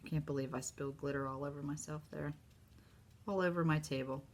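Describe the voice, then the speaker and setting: A woman with a Southern US accent hosting a casual live craft demo, chatty and excitable as she talks to her viewers. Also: low-pitched, fairly quick. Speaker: craft host.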